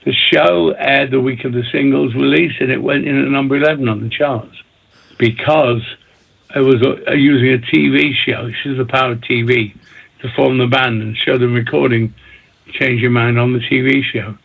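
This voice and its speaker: Gravelly husky man over a phone line. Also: mid-range voice, fairly even intonation, moderate pace. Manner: talks in bursts, repeats himself, many restarts. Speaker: record producer and DJ guest. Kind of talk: rambling interview storytelling. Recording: tinny phone-line audio.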